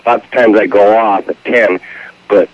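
Low male caller on a dull phone line. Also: steady tone, normal speed, no echo.

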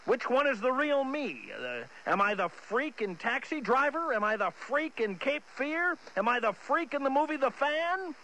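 A man's voice: very high voice, big pitch swings, normal speed, few pauses, pushed and bright, heavily acted, rough recording. A man voicing an unhinged, boastful male movie star who rambles, stammers and keeps restarting his sentences. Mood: frustrated. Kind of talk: comedy sketch impression.

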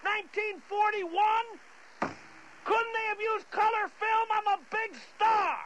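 A man's voice: very high voice, steady tone, slow pace, lo-fi sound, slight background noise, pitched above the performer's own voice, full character voice. Man doing a volatile, boastful old-school movie star. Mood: indignant. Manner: rambling, stammering restarts, builds to shouting. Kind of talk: comedy sketch impression.

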